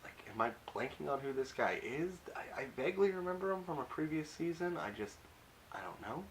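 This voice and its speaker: A man's voice: a little high, sing-song, brisk, slight background noise, rough recording. A young man recapping a TV episode in a casual, rambling way, full of fillers and wry offhand asides. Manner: rambling, hesitant, many fillers. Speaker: YouTube recap reviewer.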